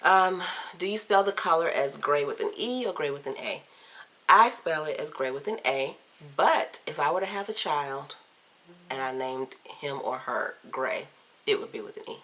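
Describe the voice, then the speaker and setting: Low-voiced chatty woman from Virginia. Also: expressive, moderate pace, slight background noise. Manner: chatty, candid, playful asides, trails off softly. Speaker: vlogger. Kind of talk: casual chat answering tag questions. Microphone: camcorder mic.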